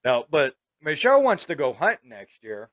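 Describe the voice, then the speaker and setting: A man's voice: a little high, moderate pace, dry recording, clean studio sound. A man trading crude jokes in casual banter, swearing freely. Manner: joking, lively, swears freely. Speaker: podcast co-host.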